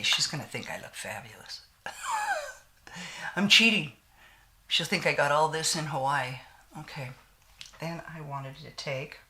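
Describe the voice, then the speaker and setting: A woman in her sixties chats away as she does her makeup, trading homespun stories and sayings with a slight lingering cough. Her voice sits low but has a bright, forceful edge to it. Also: slight background noise. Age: 60s. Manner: chatty storyteller with frequent laughs and folksy sayings. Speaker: beauty vlogger. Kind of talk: casual chat while doing makeup.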